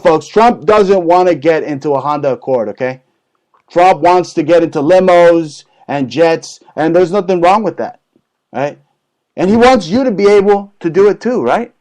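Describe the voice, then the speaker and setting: A male host rants in a combative, profane way, stopping to jab "okay?" and "right?" at listeners. His voice sits a bit high for a man. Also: a little mellow. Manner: profane, combative rant with constant "okay?" tags. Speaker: show host. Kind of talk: satirical ranting chat.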